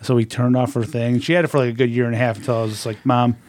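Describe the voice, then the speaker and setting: A man's voice: mid-range voice, fairly even intonation, rapid-fire, a little mellow. A man chatting casually, rambling through family stories with laughs and swearing. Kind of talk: casual storytelling chat.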